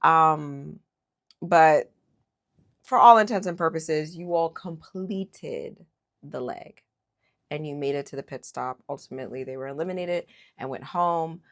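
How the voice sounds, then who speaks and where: A woman's voice: sits low, a little slow. A woman giving a casual, opinionated recap of a reality show, chatty and full of fillers. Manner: opinionated, animated, lots of fillers. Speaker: recap host.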